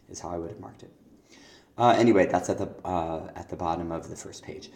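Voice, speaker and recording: A male teacher giving recorded feedback on a student's poetry assignment, halting with many fillers and restarts, reading verse lines aloud. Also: low voice, fairly even intonation, creaky, a little mellow. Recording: echoey room.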